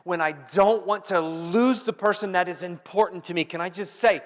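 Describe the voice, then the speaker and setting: Male pastor preaching, repeats stuff, goes loud then real quiet, big hall reverb. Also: sits high, normal speed, few pauses. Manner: emphatic, repeats key phrases, swings from loud to hushed. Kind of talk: sermon.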